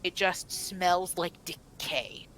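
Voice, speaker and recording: A woman with a fairly low but bright, forceful voice, narrating a tabletop game as game master. She rambles, restarting her sentences often as she describes the scene. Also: takes it slowly, rough recording.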